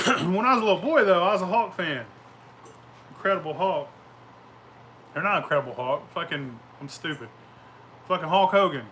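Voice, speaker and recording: Man, host, casual storytelling, profane, rowdy, bright forceful voice, faint background hiss. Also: high-pitched, animated, moderate pace, long pauses. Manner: profane, boisterous, laughs often. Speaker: show host.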